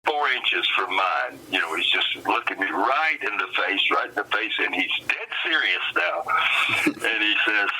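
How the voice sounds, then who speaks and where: An older man, a wrestling manager, telling stories in a casual interview with a folksy, animated delivery. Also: on the low side, normal speed, slight background noise, rough recording. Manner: animated storyteller with laughs and Southern folksy phrasing. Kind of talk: storytelling interview.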